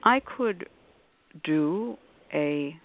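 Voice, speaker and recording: Extremely slow and low-pitched but with lively intonation, a woman on a call-in radio discussion panel explains things at length, conversationally. She performs the quoted voices in her examples, and the line sounds dry, tinny, and phone-like.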